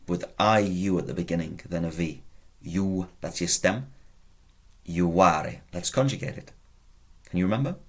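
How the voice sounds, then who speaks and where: Slow, lively-voiced male Latin teacher. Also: low-pitched. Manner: patient, repeats words slowly for the learner. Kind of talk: video lesson.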